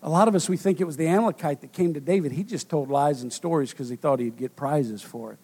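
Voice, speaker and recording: A man preaching a sermon, rising to loud shouts and dropping to hushed tones, with frequent fillers. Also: a little high, fast, breathy edge. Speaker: pastor.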